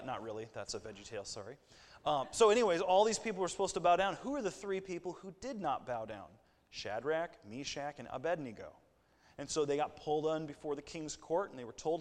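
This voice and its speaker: A man's voice: a little high, big-room sound. A man preaching a sermon in a conversational way, with asides and light jokes. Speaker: pastor.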